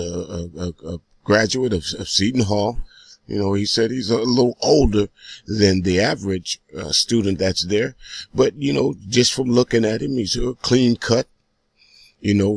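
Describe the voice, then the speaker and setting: A man's voice: lowish voice, creaky, dry recording. A man hosting, introducing a documentary clip and speaking directly and emphatically to viewers. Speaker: host presenting a documentary clip. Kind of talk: casual commentary to viewers.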